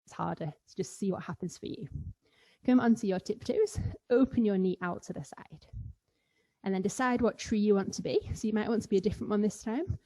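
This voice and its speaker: In a mid-range, mellow voice, a woman instructs children in playful yoga as their kids yoga teacher, occasionally adding animal sounds.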